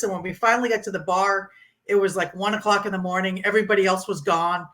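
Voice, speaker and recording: A woman from Florida tells her trip story in a casual interview, with a clear, bright voice. She talks in an animated way, laughing often and stumbling over ums and restarts. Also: mid-range voice, quick pace. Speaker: interviewee, motorcycle rider.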